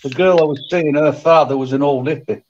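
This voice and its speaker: A man's voice: a little high, a little fast, darkish tone, highs cut off, slight background noise. A man fondly recalling old times in a casual chat. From England.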